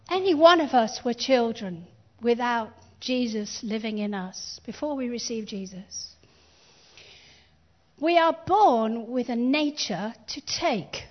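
A woman pastor delivers a sermon in a high, bright-sounding register, taking her time over each phrase. She stresses key words with rising emphasis and invites the congregation to speak along. The recording is dull and lo-fi, like a church capture. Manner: emphatic preaching with call-and-response.

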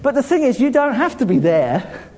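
Southern english preacher guy, high voice, bouncy up and down, laughing lots, big echoey church hall. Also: normal speed. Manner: lively, laughing often, calling out to the congregation. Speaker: pastor. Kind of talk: sermon. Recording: long reverb of a church hall.

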